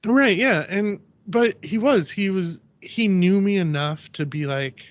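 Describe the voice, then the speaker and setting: A man's voice: high voice, unhurried, no room sound. A man guesting on a podcast, telling stories in a loose, chatty way. His voice sits a little above the usual male range, and he slips into the voices of the people he quotes. The sound is dull and lo-fi. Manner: animated storyteller who acts out quoted voices, heavy use of "like". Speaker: podcast guest, ceramic artist. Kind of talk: casual podcast conversation.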